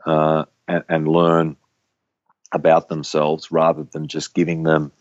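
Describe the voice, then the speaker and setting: Middle-aged man, very low voice, dry close sound, slightly dull recording, thoughtful, halting chat. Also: completely flat delivery, no room sound. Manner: reflective, rambling with many restarts. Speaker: guest. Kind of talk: casual conversation.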